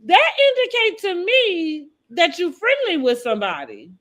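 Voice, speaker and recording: Woman hosting a chill podcast chat, pretty high voice, keeps restarting her sentences. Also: wildly swooping pitch, moderate pace, fairly bright tone. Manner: talks in loose restarts, quotes people in a dropped voice. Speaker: podcast host. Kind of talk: casual chat about reality TV.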